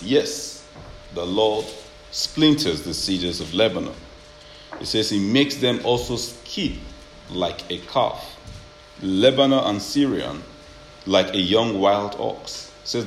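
A man preaching a sermon, reading scripture quietly at first and rising to loud, emphatic preaching with repeated amens. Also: sits low, a little slow. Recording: echoey room with faint ambient noise.

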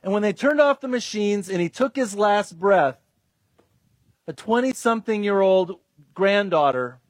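Pastor, man, high pitch, earnest sermon delivery, dry close recording. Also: no room sound. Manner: earnest, acts out quoted voices, restarts with fillers.

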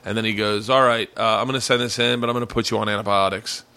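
A man with a gravelly, bright voice tells a story in a casual podcast chat. He gets animated and acts out the other people in the story, then drops back into easy talk. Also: lowish voice, fast. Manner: animated storyteller acting out quotes. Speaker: podcast host. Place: home basement man cave.

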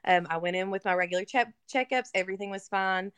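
A woman's voice: mid-range voice, fast, a bit bright, smooth, dry recording. A woman guest in a conversation, telling an emotional personal story in a casual way with many fillers. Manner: casual, filler-heavy, earnest. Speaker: interview guest. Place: lives in Kentucky.

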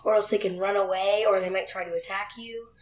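A woman takes part as a guest on a casual gaming podcast, easygoing and chatty. Her voice is pitched in the middle range for a woman. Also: fairly even intonation, fairly quick, slight background noise, low-quality recording.

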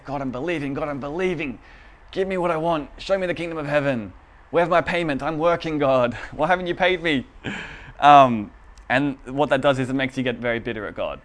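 This man's voice is medium in pitch and a bit bright. In a church room he gives a casual, chatty teaching talk, informally checking whether the audience is following and agreeing with him.

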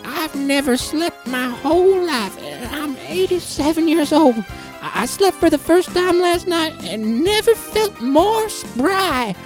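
A man performs a chatty eighty-seven-year-old testimonial voice in a spoof commercial. The voice sits very high and stammers through its claims. Soft music runs underneath. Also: lively intonation, slow, full character voice. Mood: boastful.

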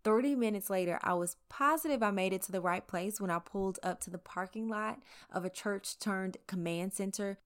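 A woman's voice: medium pitch, fairly quick, hardly any pauses. A woman reporter from the American South narrating her own story in a candid, conversational way with wry asides. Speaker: local TV reporter. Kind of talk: scripted first-person narration.

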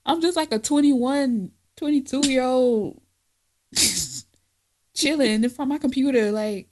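A woman in her twenties co-hosting a podcast, telling loud, profane stories full of mocking impressions. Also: high-pitched, measured pace. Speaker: podcast co-host. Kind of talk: casual chat.

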